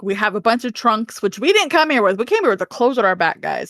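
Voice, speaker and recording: A woman's voice: a little high, animated, a little fast, a bit bright, no room sound, clean studio sound. A woman co-hosting a podcast, telling a book's plot casually and acting out characters' lines with laughter. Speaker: podcast co-host. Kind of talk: casual book recap chat.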